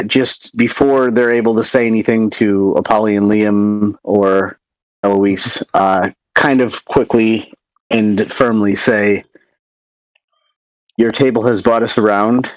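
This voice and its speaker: A man's voice: fairly low pitch, fairly even intonation, takes it slowly, no room sound, muffled recording. A man taking part as a player in a casual tabletop role-playing game, talking in an easygoing way.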